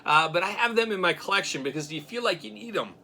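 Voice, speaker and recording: Middle-aged male host, bright forceful voice, slightly high, animated and self-mocking; faint noise behind. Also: fast talker, creaky. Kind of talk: casual chat.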